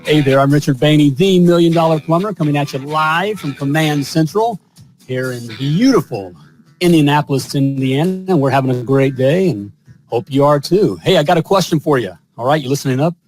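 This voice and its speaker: A man with a fairly high, animated voice talks fairly quickly, his tone a little mellow, with faint music in the background. He hosts a live plumbing show online from a home studio, delivering an upbeat live-stream monologue in a folksy, salesy way and repeating himself.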